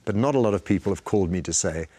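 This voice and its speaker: A man, a guest on a talk show, telling relaxed anecdotes in casual chat. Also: deep voice, very fast.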